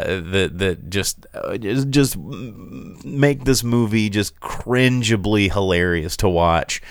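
A man's voice: fairly low pitch, smooth, dry recording, studio quality. A man hosting a casual podcast chat, rambling through a film review with lots of fillers and a sarcastic, mocking edge. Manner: animated, mocking delivery.

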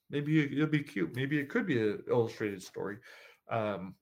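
A man's voice: mid-range voice, lively intonation, normal speed, creaky. A man who writes horror fiction, chatting casually in a vlog about his upcoming writing projects, rambling with lots of fillers and self-corrections.

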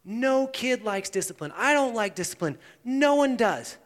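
High-voiced guy preaching in church, goes quiet and intense then loud, big echoey hall. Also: moderate pace. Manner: swings between hushed intensity and loud animated emphasis. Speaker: pastor. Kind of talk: sermon. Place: church sanctuary. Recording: long church reverb.

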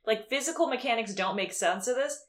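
A woman with a fairly high, bright voice co-hosts a casual podcast chat. She rambles through her points and keeps slipping into quoted voices to act out scenes. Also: animated, a little fast. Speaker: podcast co-host.

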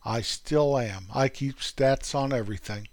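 A man hosting a podcast, telling corny puns and comic stories in a deadpan way. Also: medium pitch, a little slow, no echo. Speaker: podcast host. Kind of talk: comic storytelling.

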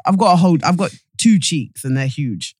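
Rambling man, slightly high voice. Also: expressive, a little fast, husky, dry recording. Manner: rambling, self-interrupting, laughs often. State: slightly chesty. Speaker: podcast co-host. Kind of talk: casual chat.

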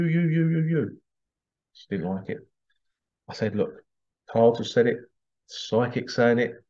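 A psychic medium hosts a chatty, casual monologue in a mellow, husky mid-range voice, laughing often and mimicking the voices he quotes. The recording sounds dull and lo-fi.

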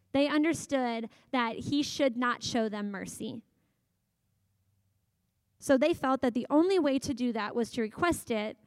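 A woman in her thirties delivers a sermon in a high, light voice, talking as casually as if chatting with friends and acting out little quoted exchanges. The sound is close and dry, with no room echo. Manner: conversational, animated storytelling with acted-out quotes. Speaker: pastor.

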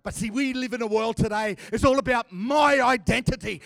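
A man preaching a sermon with an accent, swinging between loud shouting and hushed, dramatic passages. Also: very high-pitched, moderate pace, creaky, no echo, studio quality. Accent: non-American.

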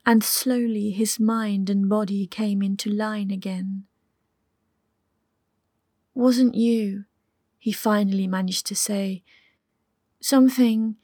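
A woman narrating an audiobook in a soft, intimate way that often drops to a whisper. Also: mid-range voice, no room sound, studio quality. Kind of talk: scripted narration.

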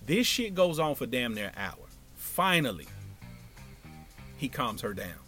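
Animated, profane male storyteller. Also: medium pitch, a little slow, pauses often, breathy edge, faint music behind. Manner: animated, profane, swings from hushed to loud. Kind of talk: casual storytelling.

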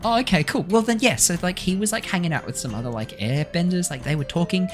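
A woman voicing a chatty, excitable young girl airbender in a tabletop game, rambling with lots of "like". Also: on the low side, quick pace, soft background music, voice pushed up, close to an everyday voice.

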